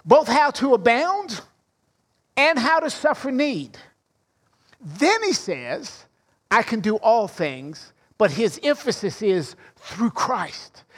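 Male pastor, very high voice, earnest sermon delivery with emphatic quotes. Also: slightly rough. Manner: prays and preaches, stresses quoted phrases.

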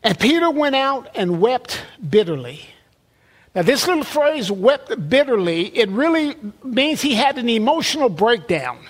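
Male preacher with a very high voice, conversational sermon delivery, stumbles and repeats words. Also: very animated, unhurried.

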